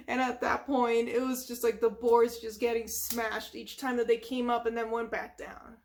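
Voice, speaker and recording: Lady with a high voice retelling a cartoon, rambly, lots of "just" and "like". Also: flat delivery, normal speed, few pauses. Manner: rambling, with lots of filler words and sound effects. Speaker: ASMR channel host. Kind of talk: casual retelling of a cartoon from memory.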